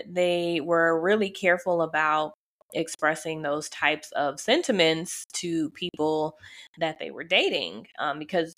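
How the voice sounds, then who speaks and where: A woman's voice: sits low, fairly bright tone. A young woman co-hosting a casual chat, recapping with lots of fillers and little laughs. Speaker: podcast co-host.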